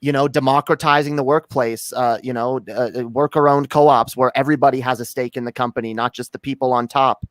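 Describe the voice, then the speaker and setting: A man's voice: mid-range voice, steady tone, brisk, hardly any pauses, no echo. A man from Canada co-hosting a casual podcast chat, joking and rambling with lots of fillers and restarts.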